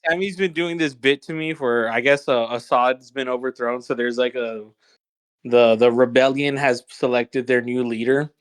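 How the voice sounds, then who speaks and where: A young man co-hosting a podcast over voice chat, telling stories in a halting, stammering way. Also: mid-range voice, steady tone, smooth. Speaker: podcast co-host. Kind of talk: crude casual banter. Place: online voice chat.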